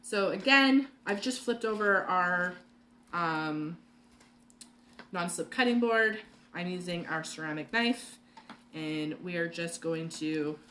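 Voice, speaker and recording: A woman's voice: on the low side, a bit bright, a little hiss or hum. A woman hosting a live cooking class from her home kitchen, chatting and rambling with lots of fillers and laughs. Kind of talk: live cooking demo chat.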